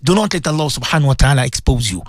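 A man preaches over the radio in a fervent, repetitive way, firing direct questions at his listeners. His pitch swings widely as he talks. The sound is close and dry, with no room around it. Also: expressive, rapid-fire, no echo. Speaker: radio presenter giving religious advice. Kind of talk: impassioned radio sermon.

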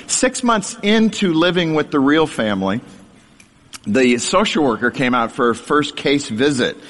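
A middle-aged man speaks to a live audience, telling his own story with self-deprecating humor. His voice sits at an ordinary male pitch, and he chuckles easily as he narrates. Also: a bit bright, long reverb tail.

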